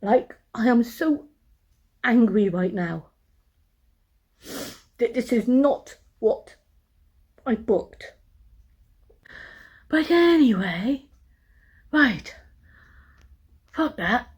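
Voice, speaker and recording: Very slow with long pauses, this woman's fairly high voice is animated yet darkish and slightly rough. She's vlogging on her phone from a hotel room, exasperated and swearing plenty as she complains to camera and then tours the room.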